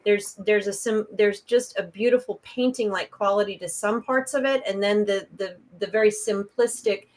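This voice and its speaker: A woman co-hosting a casual film chat over a video call, warmly enthusiastic with halting restarts. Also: medium pitch, steady tone. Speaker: podcast co-host.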